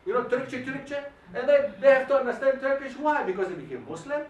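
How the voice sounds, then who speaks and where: A man giving an emphatic, animated lecture and firing questions at the audience, recorded in a hall. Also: very high voice, brisk, highs cut off. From Germany. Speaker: guest lecturer. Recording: echoey hall, mic at a distance.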